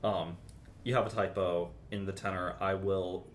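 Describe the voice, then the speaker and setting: A man teaching a private composition lesson, explaining in a relaxed, chatty way with many ums. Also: deep voice, moderate pace, a little hiss or hum. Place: university music lesson room.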